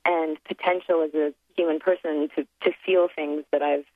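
This accent performer has a low, steady voice at a moderate pace, with no echo, and she's a guest on a casual phone interview whose line sounds tinny and dry. Reflective and talkative, she thinks out loud, restarts often, leans on fillers, and laughs a lot.

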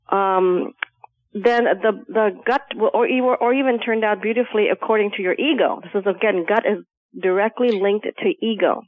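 A woman speaks slowly and calmly as a guest on a spiritual talk show, laying out her ideas in a measured way. Her voice comes through a thin, phone-like line. Now and then she playfully acts out little voices. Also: mid-range voice. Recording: phone-like narrow sound.

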